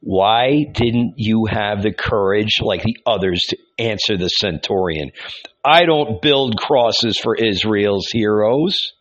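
A man's voice: lowish voice, slow, a bit bright, lo-fi sound. A man reading aloud, voicing a fierce red-bearded zealot who bellows and scorns. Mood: raging scorn.

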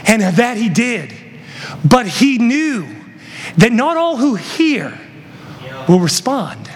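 A man preaching a sermon and reading scripture, emphatic and rising to shouted peaks. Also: extremely high pitch, very animated, takes it slowly, big-room sound. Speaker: pastor.

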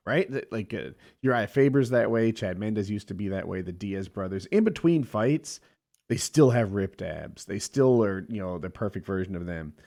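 Animated man in casual sports chat. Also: on the low side, normal speed, creaky. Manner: animated, rambling with restarts. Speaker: podcast co-host.

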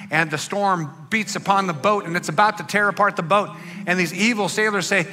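A man preaching a sermon, telling a story dramatically and swinging between loud bursts and hushed lines. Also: sits high, lively intonation, fairly quick. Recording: long hall reverb with faint music.

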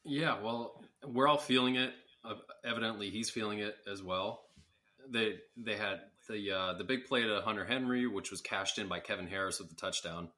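A man's voice: lowish voice, moderate pace, pushed and bright. A man co-hosting a sports podcast, chatting casually with wry, sarcastic asides. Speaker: podcast co-host.

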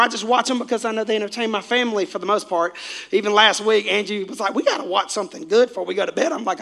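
A pastor delivers a Sunday sermon in a high-sitting voice with vocal fry. He is animated, swinging from shouted lines to quiet asides.

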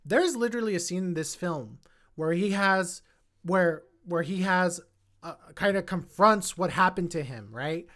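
A woman hosting a casual film podcast, talking animatedly and repeating words when she gets excited. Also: mid-range voice, measured pace. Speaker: podcast host.

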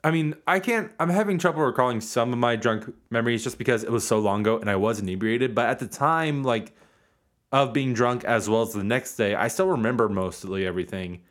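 A man's voice: mid-range voice, a little fast. A man co-hosting a podcast in casual chat, joking and teasing his co-host.

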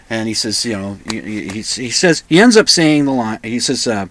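A man's voice: on the low side, animated, normal speed, a bit bright, a little hiss or hum. A man hosting a solo podcast, rambling and pedantic, often restarting and correcting himself. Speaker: podcast host.

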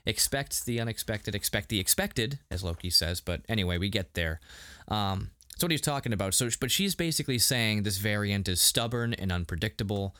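A man with a fairly low voice chats loosely about an episode, rambling and slipping into quick acted-out quotes. The sound is dry and close, with no room around it. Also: expressive, bright, forceful tone, clear, resonant tone, no echo. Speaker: podcast co-host reviewing a TV episode. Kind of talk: casual review chat.

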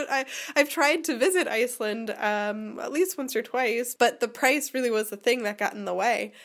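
Woman hosting a podcast, sounds sick, kinda high voice, chatty and laughy. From Pennsylvania, United States. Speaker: podcast host. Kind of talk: casual podcast chat.

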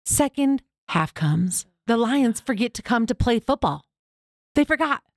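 A woman in her thirties co-hosting a casual podcast chat, lively and quick to laugh, acting out what others said. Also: fairly high pitch, dry recording, clean studio sound. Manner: animated, laughs often, acts out quotes. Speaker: podcast co-host.

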